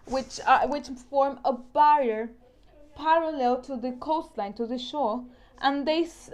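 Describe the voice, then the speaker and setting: Woman teacher, Spanish accent, slightly high voice, careful explainer who repeats herself. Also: a little mellow, clean tone. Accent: Spanish-speaking. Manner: explains step by step, often repeats and restarts words. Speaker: science teacher. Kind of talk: recorded online science lesson.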